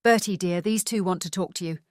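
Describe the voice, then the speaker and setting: A woman voicing a stern, posh lady in her late sixties, who talks in a crisp, clipped way and barks orders, in an audiobook. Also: medium pitch, lively intonation, normal speed, no room sound, studio quality, natural voice. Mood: brusque. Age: 60s.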